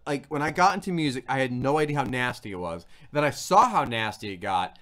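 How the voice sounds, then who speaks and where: Upbeat male host in his thirties on a casual stream, bouncy intonation, puts on goofy voices. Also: a little high. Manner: animated, puts on silly voices when quoting people. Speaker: food review host. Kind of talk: casual livestream chat.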